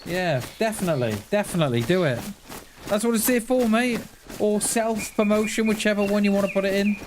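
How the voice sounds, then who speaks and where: A man chats his way through a live game stream, answering viewers and tossing in mate and dude at every turn. His voice sits a little on the high side. Outdoor game sounds with clicks and animal calls run clearly underneath him. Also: fairly quick. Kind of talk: casual live-stream chat. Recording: clear game noise behind the voice.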